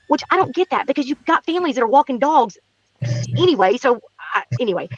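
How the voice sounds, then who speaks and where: Speaking fast in a high voice, a woman guest tells a casual story about a neighborhood encounter, voicing the quotes and repeating herself for emphasis in an animated way. The sound is lo-fi.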